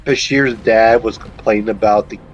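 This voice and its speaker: A man chatting on a casual gameplay live stream as a co-player, jokey and quick to laugh at himself, over dull lo-fi voice chat audio. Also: lowish voice, steady tone. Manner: jokey, laughs at his own jokes.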